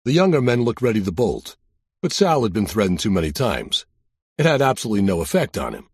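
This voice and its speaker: Husky-voiced male audiobook narrator. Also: on the low side, sing-song, a little fast, a little mellow, dry recording, studio quality. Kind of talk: first-person thriller narration.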